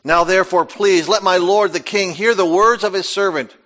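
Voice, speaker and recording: High-voiced pastor acting out Bible scenes. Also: male voice, normal speed. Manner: folksy, acts out the Bible quotes, lively asides to the congregation. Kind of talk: sermon with Bible reading.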